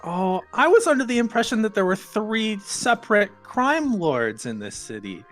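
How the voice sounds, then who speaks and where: A woman's voice: medium pitch, very animated, moderate pace, fairly bright tone, faint music behind. A woman playing in a tabletop role-playing game, speaking in a mocking, teasing way. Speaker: player.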